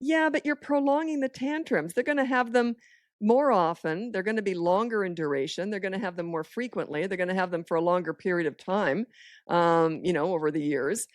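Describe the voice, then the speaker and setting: A woman's voice: mid-range voice, a little fast, no room sound, studio quality. A woman talking as a parenting expert in a casual podcast chat, firm, direct and matter-of-fact.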